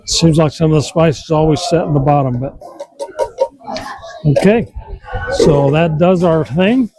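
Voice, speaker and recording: Outdoor cooking host, man, easygoing and chatty, raised pitch, noisy windy outdoor recording. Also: measured pace. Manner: relaxed, folksy, thinking aloud. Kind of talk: casual outdoor cooking vlog. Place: outdoors on a windy campsite by a truck. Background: wind noise.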